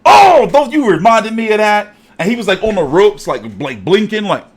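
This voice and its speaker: A man hosting a casual boxing show, talking in an animated, profane, jokey way. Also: high-pitched, moderate pace, husky.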